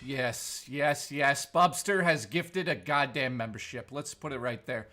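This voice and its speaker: A man's voice: mid-range voice, a little slow, soft background music. A man hosting a live stream, chatting casually with his viewers and trading crude, playful jokes with them. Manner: crude, joking banter with chat; animated, playful. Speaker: livestream host.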